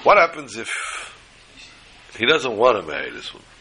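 A man's voice: mid-range voice, sing-song, moderate pace, sharp tone, a little hiss or hum, low-quality recording. An older man teaching a Torah class, mixing teaching with jokes and storytelling asides.

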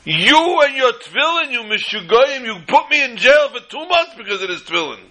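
A man voicing an angry young soldier who shouts accusations in a high, strained voice. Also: lively intonation, moderate pace, exaggerated voice, low-quality recording. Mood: furious. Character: angry young male soldier, hot-headed.

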